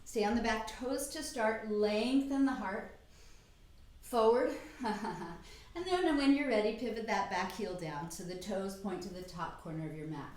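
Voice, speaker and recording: A middle-aged woman teaches a yoga class in calm, encouraging instructions, breathing softly through the exhales and slightly winded from moving. Her voice rings in a very echoey room. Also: medium pitch, a little slow.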